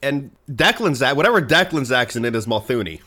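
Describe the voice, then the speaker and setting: Casual male podcast host and game master, animated storyteller, mid pitch. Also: a little fast. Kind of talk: casual chat among friends.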